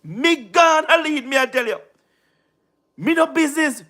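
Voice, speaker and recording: A man with a Jamaican accent hosts a casual livestream, speaking emphatically, repeating himself and often asking "you understand what I mean?" His very high voice is bright, animated and forceful, at a slightly slow pace.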